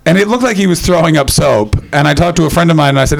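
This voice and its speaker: A man's voice: fairly high pitch, fast talker, vocal fry. A man hosting a live comedy show, telling rambling stories to an audience, swearing freely and breaking into screamed impressions. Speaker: comedian and podcast host.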